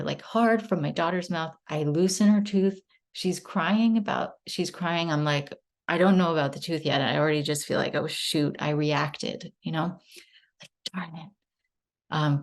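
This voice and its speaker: A woman's voice: low-pitched, gravelly, a little mellow. A woman in her thirties candidly sharing a personal story in a casual spiritual group chat on a video call, rambling and self-reflective.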